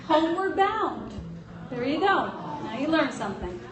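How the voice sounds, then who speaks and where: A woman's voice: high voice, sing-song, normal speed, music in the background. A middle-aged woman telling a funny story to a live audience in a chatty, joking way. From grew up in an Irish Catholic family. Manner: comic, chatty, laughs between lines. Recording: roomy hall sound from a distance.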